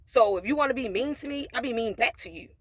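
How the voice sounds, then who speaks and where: A woman's voice: on the high side, animated, quick pace, slightly rough, dry recording. A woman vlogger telling a personal story in a casual monologue, blunt and profane, with preachy asides about faith.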